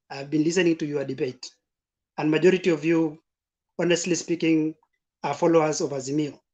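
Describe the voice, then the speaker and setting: A man arguing his point loudly on a talk show, firing off rhetorical questions. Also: on the high side. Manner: loud, insistent, rhetorical questioning. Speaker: caller. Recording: dull lo-fi sound.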